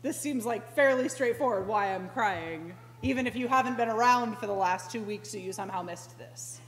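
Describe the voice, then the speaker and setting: A woman preaching a conversational sermon as a pastoral intern, slow and reflective, with sudden animated outbursts. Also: medium pitch. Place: church sanctuary. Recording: echoey church hall with faint hum.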